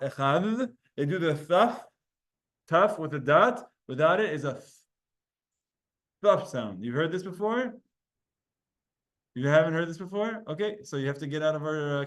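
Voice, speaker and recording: A man teaching a Talmud class to students, animated and explaining with spoken demonstrations of sounds. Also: fairly high pitch. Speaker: Torah teacher.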